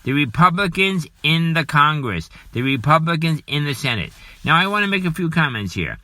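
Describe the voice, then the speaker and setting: A man's voice: fairly high pitch, sing-song, moderate pace, pushed and bright, dry recording. A man hosting a podcast, giving an indignant, repetitive political monologue and scolding. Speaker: podcast host.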